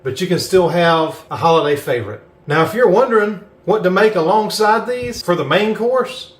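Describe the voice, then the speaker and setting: A middle-aged man with a Southern American accent, demonstrating a recipe as the host of a cooking channel in a folksy, chatty way. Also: sits high.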